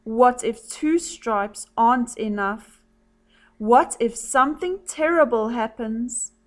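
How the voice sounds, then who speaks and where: A fretful, timid little storybook creature, as a woman reads him aloud. His worried lines rise high and anxious, each question hanging with nervous dread. He talks slowly and carefully.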